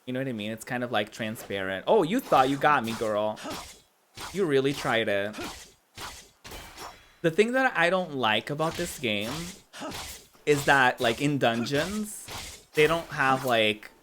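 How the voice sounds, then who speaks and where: A man's voice: medium pitch, lively intonation, a little slow, long pauses, bright, forceful tone, slight background noise. A man chatting casually while streaming a game, filled with "like" and laughs. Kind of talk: casual gameplay commentary.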